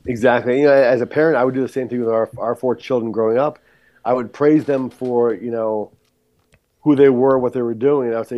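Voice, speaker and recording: A man in his fifties, a high school football coach, talking in an upbeat, encouraging way as a podcast guest. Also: fairly even intonation, a little fast, mellow, dull audio. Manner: upbeat, encouraging, easy agreement. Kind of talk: casual podcast interview.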